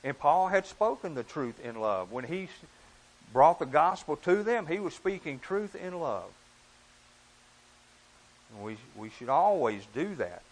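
A man preaching a sermon in an earnest, emphatic way, often rising and dropping in pitch and volume. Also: very animated, a little slow, long pauses, rough recording.

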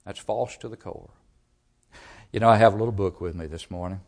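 A man preaching a sermon, retelling a children's story in an emphatic voice that rises to loud peaks. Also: on the low side, brisk.

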